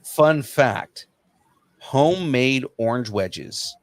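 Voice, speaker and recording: A man hosting a podcast, chatting casually and telling stories in a rambling, animated way with many restarts. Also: mid-range voice, drawn-out words, no room sound, clean studio sound. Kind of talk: casual chat.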